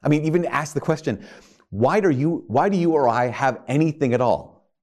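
A man's voice: fairly high pitch, normal speed, a little mellow. A man preaching a sermon, earnest, asking his listeners rhetorical questions and often restarting his sentences. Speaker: priest.

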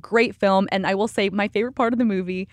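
Young female podcast co-host, rambling casual film review, mid pitch, close dry sound. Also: steady tone, quick pace, no room sound. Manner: chatty, rambling, many fillers and restarts. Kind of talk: casual chat.

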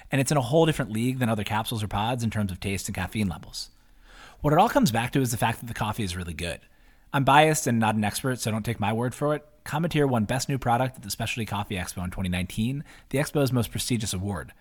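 A man reading his own newsletter post aloud as scripted narration, in a chatty way with wry asides. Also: medium pitch. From half Italian.

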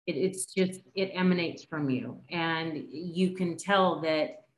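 A woman's voice: deep voice, slow, reverberant. A woman hosting her podcast, gushing and emotional, with casual swearing in her talk. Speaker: podcast host. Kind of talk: casual interview chat.

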